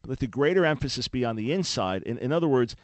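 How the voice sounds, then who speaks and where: An earnest man hosting a call-in radio show, preacherly and emphatic, often restarting his words. His voice sits at an ordinary pitch. It is recorded dry and close in the studio. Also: lively intonation, quick pace, no echo. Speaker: radio talk show host.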